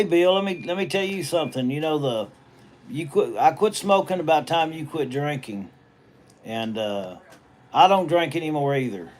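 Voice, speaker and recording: A middle-aged man with a Southern US accent, chatting casually and rambling in folksy country talk as he reads viewer comments on a phone livestream from a hospital treatment room. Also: medium pitch. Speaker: livestream host and auctioneer.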